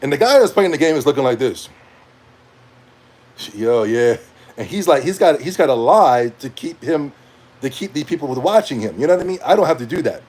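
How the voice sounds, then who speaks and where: A man's voice: a little high, a little fast. Rambling young man ranting, slangy. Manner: animated, rambling, slangy, laughs often. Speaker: gaming commentator. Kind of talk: casual rant to camera.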